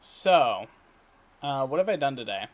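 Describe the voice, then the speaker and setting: Slow rambling man, video diary. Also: medium pitch, very animated. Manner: rambling, halting, many fillers and restarts; clears throat often. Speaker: vlogger. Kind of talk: casual daily video diary. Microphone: computer recording setup.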